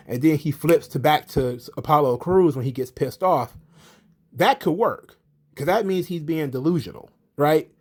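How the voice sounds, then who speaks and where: A man hosting a casual wrestling commentary, talking in an animated, profane, rambling way with lots of fillers. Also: a little high.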